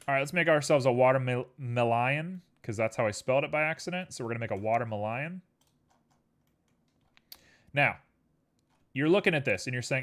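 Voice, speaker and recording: A man's voice: mid-range voice, expressive, brisk, pauses often, fairly bright tone. A man streaming live, chatting casually with his viewers in a playful, joking way while he works. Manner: playful, jokey, rambling asides to chat. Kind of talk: casual chat while working.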